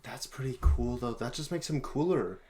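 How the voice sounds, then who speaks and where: A woman guesting on a casual movie-review chat, deadpan and playful in her remarks. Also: very deep voice, normal speed.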